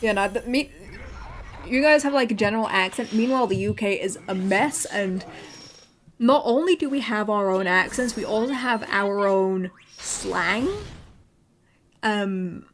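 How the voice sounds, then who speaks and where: A woman's voice: mid-range voice, measured pace, slight background noise. A woman from northern England who streams as a VTuber, with a mixed British and American accent, chatting casually and rambling while she plays a game. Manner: chatty, rambling, easily excited.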